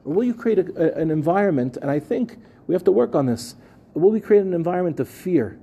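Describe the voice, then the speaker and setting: Bright-voiced rabbi teaching a lively class. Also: male voice, sits high, brisk, creaky, breathy edge. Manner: conversational, asks the room questions, repeats phrases. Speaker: rabbi giving a Torah class. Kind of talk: lively spoken Torah class. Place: room with a live audience.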